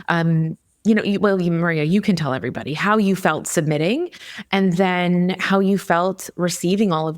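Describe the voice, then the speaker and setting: A woman hosting a podcast as an admissions coach, talking in an animated, encouraging way. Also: lowish voice, dry recording, studio quality. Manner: warmly encouraging, animated retelling. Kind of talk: casual interview talk.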